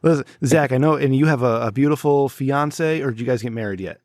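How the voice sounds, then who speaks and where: A man's voice: mid-range voice, brisk, a little mellow, no room sound, clean studio sound. A man in his forties hosting a casual podcast chat, telling stories in a laid-back way and swearing freely. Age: 40s. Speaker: podcast host.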